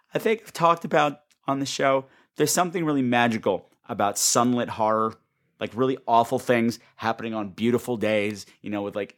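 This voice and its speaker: Man ranting about a dumb movie on his podcast, sharp bright voice, swears a lot, gets worked up. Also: a little high. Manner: excitable, sarcastic, swearing, acts out scenes in squealing voices. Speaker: podcast host. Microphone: home mic turned up high.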